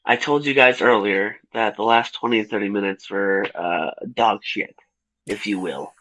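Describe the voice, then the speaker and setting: A young man co-hosting a casual film review podcast, ranting profanely and laughing through animated retellings. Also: on the low side, normal speed, no room sound, rough recording. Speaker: podcast co-host.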